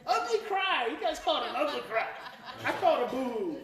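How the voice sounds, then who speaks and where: Man in his forties, Oklahoma accent, high voice, animated storytelling, echoey live hall. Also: fast talker, creaky, a crowd in the background. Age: 40s. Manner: animated, emotional storytelling with repeated phrases. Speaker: parenting educator and presenter. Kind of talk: live workshop talk. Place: presentation hall before a live audience. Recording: roomy live hall, voice picked up from a distance, faint noise.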